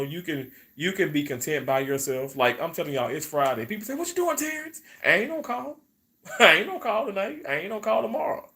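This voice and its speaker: A man's voice: medium pitch, a bit bright. A man, hosting a live stream in casual, rambling chat, repeating his words and reading viewer comments.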